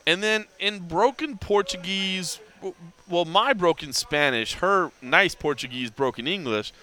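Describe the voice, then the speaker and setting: A lively middle-aged man hosting a podcast, his voice sitting a little high and swinging widely as he tells a story. The tone is bright and forward, and the sound is smooth and clear. He acts out what everyone said, with lots of "like" in between. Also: a little slow. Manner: animated storyteller acting out quoted dialogue, heavy use of "like". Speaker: podcast host. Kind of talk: casual storytelling chat.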